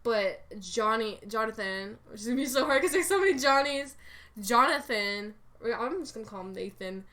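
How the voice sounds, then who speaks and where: A woman's voice: a little high, expressive, moderate pace, bright, forceful tone. Rambling giggly young woman podcaster. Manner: rambling, giggly, many filler words. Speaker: podcast co-host. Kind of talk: casual chat about role-play characters.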